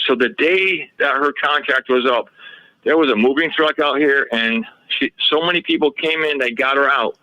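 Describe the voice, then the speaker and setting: A man's voice: mid-range voice, measured pace, pushed and bright, no echo, lo-fi sound. A man talking as a radio show guest, telling a long story in a rambling way and often quoting what others told him. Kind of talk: casual interview storytelling.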